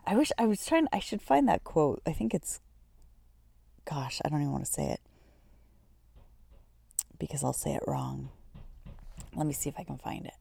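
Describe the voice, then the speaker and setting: A woman's voice: low voice, sing-song, moderate pace, gravelly, long pauses, dark tone, slightly rough, no echo. A woman, hosting a podcast and telling a personal story in a reflective way, often searching for words. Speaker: podcast host.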